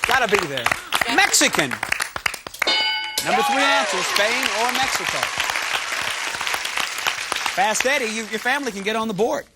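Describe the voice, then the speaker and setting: Casting: bouncy high-voiced male game show host, jokey, loud crowd behind. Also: normal speed, long pauses. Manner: joking, teasing, animated. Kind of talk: lively game show hosting. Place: television studio with audience. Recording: loud studio audience and noise.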